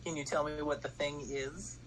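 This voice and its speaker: A man's voice: a little high, little pitch movement, normal speed. A man playing in a casual tabletop game, practical and asking rules questions, with faint background noise. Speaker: player.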